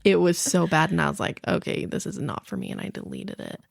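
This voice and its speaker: Young woman, podcast guest, gravelly low voice, bubbly, dry sound. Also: brisk, no echo. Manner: bubbly storyteller, laughs often. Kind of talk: casual chat.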